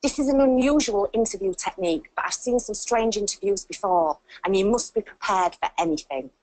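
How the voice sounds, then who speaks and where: A woman's voice: medium pitch, a little fast, a little mellow, rough recording. A woman narrating a reality show, commenting plainly and emphatically in a mid-range voice.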